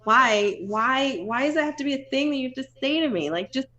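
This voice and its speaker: A woman's voice: sits high, lively intonation, brisk, fairly bright tone. Emphatic American woman, muffled stream audio. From Florida, United States. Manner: emphatic and exasperated, repeating phrases. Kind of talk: casual panel discussion.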